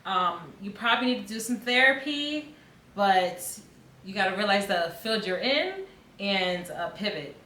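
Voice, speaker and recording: A woman's voice: medium pitch, lively intonation, unhurried, pushed and bright, a little hiss or hum. Blunt woman in an echoey room. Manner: blunt, frank. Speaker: nurse commentator. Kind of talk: direct advice.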